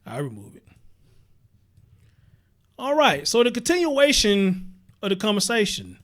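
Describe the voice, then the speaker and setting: A man's voice: high-pitched, wildly swooping pitch, a little slow, a bit bright. A man hosting a casual livestream, chatting straight to his viewers and greeting them by name. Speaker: livestream host.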